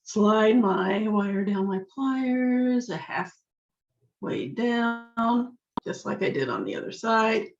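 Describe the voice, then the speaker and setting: Slightly hoarse woman, crafting tutorial, unhurried delivery, echoey room, dull lo-fi sound. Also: a little high, lively intonation. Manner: chatty, talks to herself while working. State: slightly hoarse, losing her voice. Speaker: jewelry-making instructor. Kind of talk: step-by-step craft demonstration.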